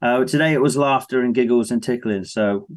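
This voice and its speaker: A man in his thirties with an English accent, a guest musician on a casual interview, telling lively stories and acting out his family's voices. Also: mid-range voice, a little fast. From England.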